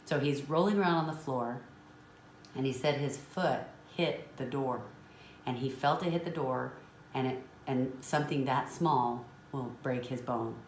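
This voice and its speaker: A woman's voice: extremely low pitch, unhurried. A woman business trainer telling a motivational story in an earnest, emotional way. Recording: roomy with faint noise.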